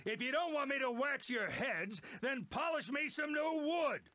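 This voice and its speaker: Gruff, yelling old boss. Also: male voice, extremely high pitch, lively intonation, a little slow, no echo, exaggerated voice. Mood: barking. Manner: yelling, scolding, short-tempered. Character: gruff hard-headed old male workshop boss. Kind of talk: game voice acting.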